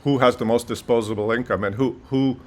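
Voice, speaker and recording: A man talks straight to the viewer in an indignant, explanatory commentary. His voice sits at a middle pitch for a man. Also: steady tone, brisk. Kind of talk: video commentary.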